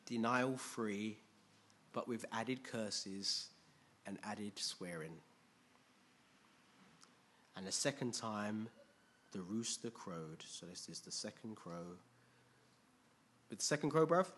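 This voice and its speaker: A man preaching a sermon, retelling a story with lively, jokey slang asides. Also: lowish voice, slow pace, pauses often, a little hiss or hum.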